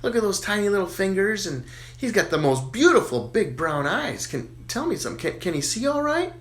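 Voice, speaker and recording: A man voicing Little Johnny, a cheeky schoolboy from dirty jokes, delivering punchlines deadpan. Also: high-pitched, brisk, voice pushed up, heavily acted.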